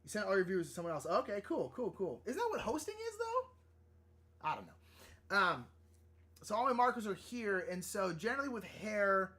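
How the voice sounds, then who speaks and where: A man hosting a live drawing stream, chatting casually and rambling, easily excited and flustered. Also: sits high, breathy edge. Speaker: livestream artist host. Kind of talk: casual livestream chat while drawing.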